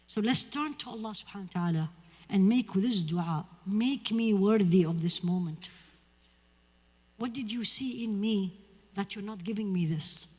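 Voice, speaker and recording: A woman's voice: mid-range voice, normal speed. A woman with a giving an earnest, emphatic lecture on spirituality in a mosque, talking straight to her audience. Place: mosque hall. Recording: husky voice in a reverberant hall.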